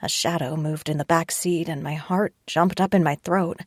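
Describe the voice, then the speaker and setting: A woman's voice: sits low, steady tone, moderate pace, hardly any pauses, no echo. A woman reading a first-person audiobook narration with a tense, wry inner voice, close to a studio mic.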